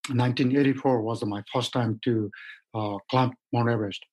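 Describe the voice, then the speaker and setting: A man in his fifties from Nepal, a mountaineer guest answering interview questions haltingly, with many fillers and simple grammar. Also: medium pitch, fairly even intonation, a little mellow, low-quality recording.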